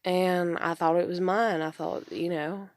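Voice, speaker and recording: Frustrated gravelly woman in her thirties. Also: fairly low pitch, fairly even intonation, a little slow, no room sound. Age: 30s. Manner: frustrated, swears often, rambling. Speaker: vlogger. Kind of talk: casual venting monologue.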